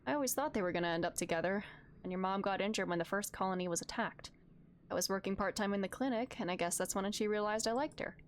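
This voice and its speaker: A woman voicing a tender middle-aged farmer father as she reads game dialogue aloud, speaking softly and a touch lower than her own voice. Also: fast talker, slight background noise, lightly acted. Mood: reminiscing.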